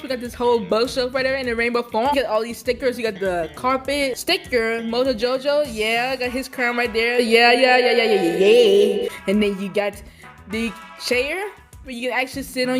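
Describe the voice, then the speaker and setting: A young woman giving an excitable, giggly, slangy voice-over tour of a game build. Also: on the high side. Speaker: vlogger touring a game build. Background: background music.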